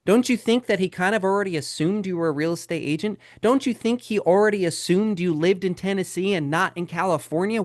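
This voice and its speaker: A man with a high voice runs a live sales webinar as a real estate sales trainer, talking directly to the "guys" in his audience and throwing rhetorical questions their way. There's no echo.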